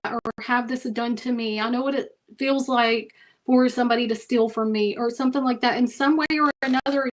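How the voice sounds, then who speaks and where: Woman, tarot reader, high voice, casual emphatic chat to viewers. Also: rough recording. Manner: emphatic, chatty, says okay and y'all often.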